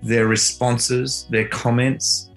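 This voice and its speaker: A man's voice: medium pitch, little pitch movement, slow, faint music behind. A middle-aged Australian man telling a heartfelt personal story in an earnest, reflective way. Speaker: father and guitar teacher.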